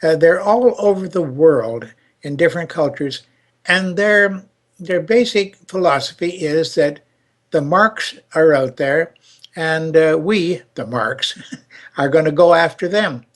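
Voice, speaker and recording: A man's voice: fairly high pitch, slow pace. Older man telling a rambling story. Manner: rambling, hesitant, many fillers and restarts. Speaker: show host. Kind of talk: storytelling chat.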